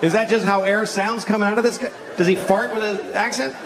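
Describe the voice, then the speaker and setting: A man's voice: high voice, fairly even intonation, fairly quick, background noise. A middle-aged man doing crude, mocking stand-up comedy and acting out other people's voices. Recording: live show with crowd laughter.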